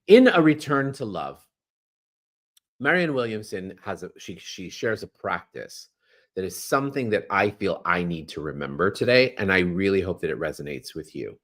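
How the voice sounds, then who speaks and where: A man with a low voice gives a spiritual talk and guided meditation. His pitch swings widely as he repeats phrases like a mantra. When he guides the breathing, he slows down and speaks softly. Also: big pitch swings. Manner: slow and soft when guiding breathing. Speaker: astrology host.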